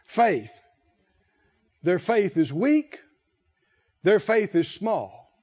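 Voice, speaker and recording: A man's voice: high voice, very animated, extremely slow, darkish tone. A man preaching a conversational sermon, asking his listeners questions and chuckling between his points. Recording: dull lo-fi sermon recording.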